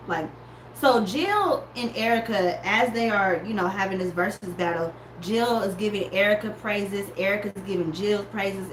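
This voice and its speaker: A woman in casual chat, telling an animated story and calling her listeners y'all. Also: mid-range voice. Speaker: podcaster reviewing a music battle. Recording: echoey room with faint background noise.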